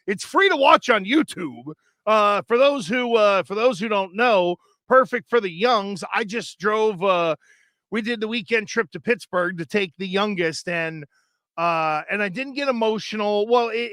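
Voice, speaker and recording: A middle-aged sports radio host chats on a podcast in a high-pitched, pushed, bright voice. He rambles casually, filling his speech with fillers and restarts. The recording is dry, with clean studio sound.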